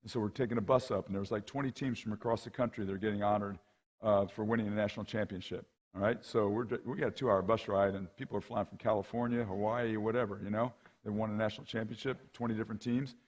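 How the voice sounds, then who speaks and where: A man's voice: on the low side, fast. A middle-aged man, a rowing coach, giving a conversational storytelling talk at a men's conference and often checking in with "right?" and "okay?". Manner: lively, acts out the people in his anecdotes. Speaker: guest speaker and rowing coach.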